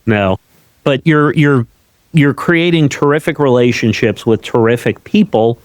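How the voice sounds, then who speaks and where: A man's voice: medium pitch, measured pace, no room sound. Upbeat male podcast host, dry close sound. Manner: repeats words as he talks, upbeat and encouraging. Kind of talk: casual interview chat.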